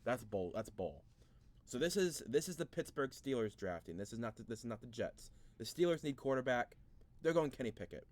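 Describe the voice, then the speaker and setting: A man's voice: mid-range voice, animated, brisk, darkish tone. A man hosting a casual sports video, thinking aloud through a mock draft, rambling and easily frustrated, with many restarts.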